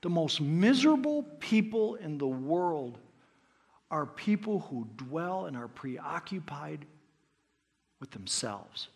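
A middle-aged man preaching a sermon as pastor, telling stories and swinging between loud emphasis and hushed asides. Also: a little high, very animated, slow, gravelly, husky.

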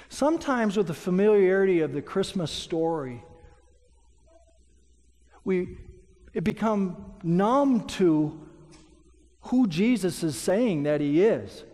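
A man's voice: high voice, expressive, a little slow, warm tone. A male pastor delivers a sermon, slipping into quoted voices as he tells stories. His voice sits a little above the usual male range. The sound carries a long, hall-like reverb around him. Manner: storytelling, acts out quoted voices.

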